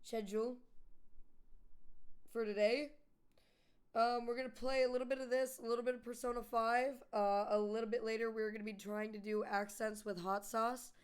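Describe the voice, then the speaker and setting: A woman's voice: fairly high pitch, little pitch movement, clear, resonant tone. A young woman streaming a game, chatting casually with her chat and swearing freely. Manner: swears freely, quick reactive banter with chat. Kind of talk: casual live-stream chat while gaming.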